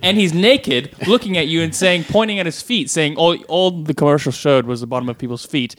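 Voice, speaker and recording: A man's voice: a little high, fairly quick, a bit bright, no echo, clean studio sound. A man co-hosting a podcast, recounting memories bluntly with casual swearing. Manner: laughing, blunt recollection with swearing. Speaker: podcast co-host. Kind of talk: casual chat.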